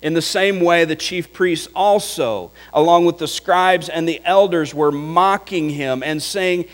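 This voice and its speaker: Slow deliberate preacher guy, kinda high voice, lots of repeating for emphasis, big echoey church. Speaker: pastor. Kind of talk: sermon. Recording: long hall reverb.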